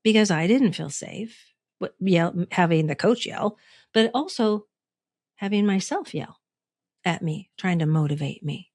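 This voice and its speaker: A woman's voice: on the low side, lively intonation, unhurried, a little mellow, breathy edge, no echo, studio quality. A middle-aged woman hosting a reflective solo podcast, talking in a conversational way, asking listeners questions and laughing at herself. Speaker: podcast host and coach.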